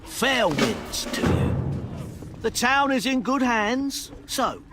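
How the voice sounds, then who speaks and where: A man's voice: extremely high pitch, wildly swooping pitch, takes it slowly, heavily acted. A man voicing a jovial, eccentric alchemist in a video game. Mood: boisterous. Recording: game dialogue over music.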